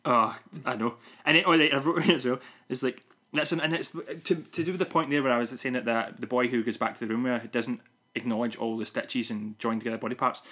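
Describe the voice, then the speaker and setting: A man co-hosting a podcast, chatting casually about a film in a rambling, animated way. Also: mid-range voice, fast. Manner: rambling, animated, lots of restarts. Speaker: podcast co-host. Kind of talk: casual film review chat.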